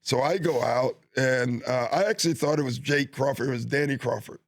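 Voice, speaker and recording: A middle-aged man talks through coaching stories in an easygoing, meandering way, often stopping to restart a thought. His voice sits at a middle pitch and sounds close and dry, with no room echo. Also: a little fast. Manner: easygoing, with frequent fillers and restarts. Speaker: basketball coach, guest. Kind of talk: relaxed storytelling interview. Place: studio.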